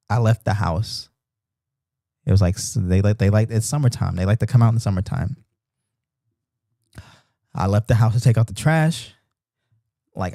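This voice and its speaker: Animated man telling a story. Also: lowish voice, no echo, studio quality. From Baltimore. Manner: animated storyteller, loose slang, many restarts. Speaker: host of a Bible reading stream. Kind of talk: casual storytelling chat. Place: apartment in Japan.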